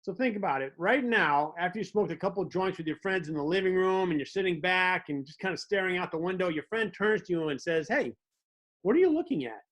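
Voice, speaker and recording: A man's voice: high-pitched, fast talker, hardly any pauses, fairly bright tone. A man hosting a comedic monologue, telling wry stories with little mock dialogues. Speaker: host.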